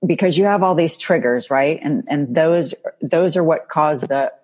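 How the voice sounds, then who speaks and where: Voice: mid-range voice, normal speed, a little mellow. A host speaking thoughtfully and affirmingly in a casual call conversation.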